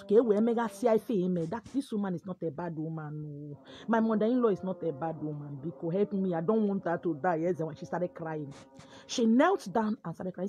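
A woman with a Nigerian accent telling a comic first-person story, dramatic and lively. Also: mid-range voice, a little fast, faint music behind. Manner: dramatic, lively, code-switching.

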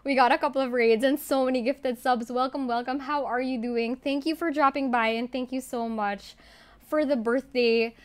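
A woman streaming a game live, excitable and giggly, shaky and overwhelmed as she thanks her chat. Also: high voice, normal speed, clear, resonant tone. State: shaky and overwhelmed, near tears.

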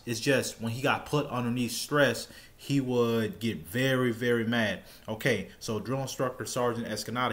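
A man telling a personal story in an easygoing vlog style. His voice sits at an ordinary middle pitch. He rambles, restarts phrases and repeats words as he talks. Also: a bit bright. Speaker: storytelling vlogger. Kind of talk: casual first-person storytime.

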